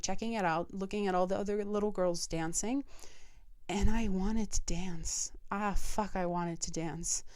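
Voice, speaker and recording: A woman's voice: mid-range voice, clear, resonant tone. Candid, swearing young woman podcaster. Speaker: podcast host. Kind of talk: personal monologue.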